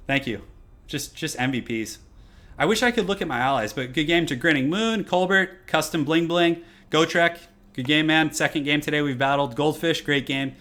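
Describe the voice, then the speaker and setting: A man's voice: a little high, fairly bright tone. A man doing casual live-stream commentary over a game from a room at home, chatty and repeating his phrases as he answers chat.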